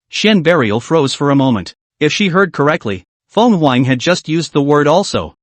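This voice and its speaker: A man narrating a fantasy comic recap in a dramatic, steady storytelling manner. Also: fairly high pitch, normal speed, hardly any pauses, no room sound. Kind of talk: scripted narration.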